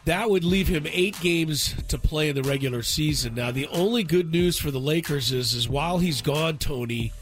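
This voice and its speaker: A man's voice: a little high, moderate pace, few pauses, soft background music. A man co-hosting sports radio who argues his view and stammers when he is cut off.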